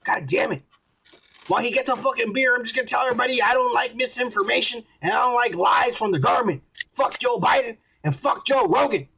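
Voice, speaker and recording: A man co-hosting a podcast, talking in crude, teasing banter and often breaking into shouts. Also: very high voice, fast, creaky, husky, poor audio. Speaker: podcast co-host. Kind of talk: profane drunk banter.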